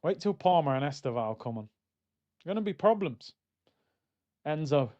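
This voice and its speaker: A young man reacting live to a football match on stream, swinging between loud outbursts and low muttering. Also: expressive, moderate pace, dull audio. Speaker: watchalong streamer.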